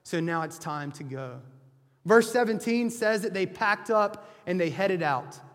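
A man delivers a sermon in a high, light voice, telling the story in a loose, conversational way. He often backs up and restarts his phrases. His voice rings out with a long reverb, as in a big hall. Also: animated, measured pace. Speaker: preacher. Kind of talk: sermon retelling a scripture story.

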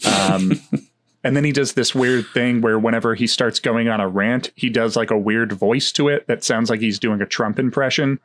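A man's voice: medium pitch, normal speed. A man hosting a casual movie chat, rambling along with many fillers and restarts. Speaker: podcast host.

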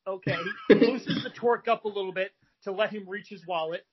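A man's voice: high-pitched, a little fast, few pauses, lo-fi sound. A man telling a long story in a rambling, casual way, full of fillers and restarts, as a podcast guest. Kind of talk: animated storytelling.

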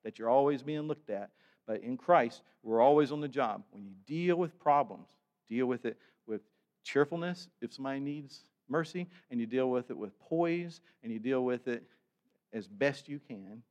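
A man's voice: mid-range voice, animated, moderate pace, darkish tone, dull audio. A male pastor, preaching a sermon in a folksy storytelling way and acting out the people in his stories.

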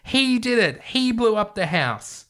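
Man doing a shrill frantic old woman. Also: very animated, unhurried, a bit bright, heavily acted. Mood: screaming. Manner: shrieking, high-pitched outbursts.

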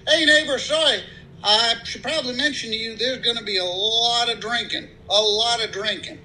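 A man voicing a friendly rural country man in a joke, with a sly, drawn-out delivery. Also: very high voice, sharp tone, slight background noise, voice pushed up, full character voice, low-quality recording. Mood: folksy.

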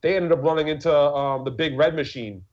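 A man's voice: on the high side, a little fast, a little mellow. Rambling, swearing man on a lo-fi mic. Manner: rambling, swearing, many fillers and restarts. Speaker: podcast co-host. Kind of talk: casual chat. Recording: lo-fi muffled audio.

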